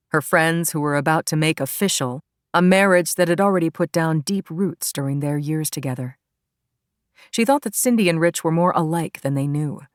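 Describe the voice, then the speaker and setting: A woman narrator with a notably low voice, reading an audiobook in a calm, even way. Her voice is recorded close to the mic and sounds dry, with no room echo. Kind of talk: scripted narration.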